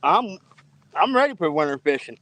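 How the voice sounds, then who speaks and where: A man's voice: fairly high pitch, very animated, normal speed, fairly bright tone, dry recording. A man appearing as a guest on a casual livestream, chatting in a friendly, talkative way. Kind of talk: casual chat.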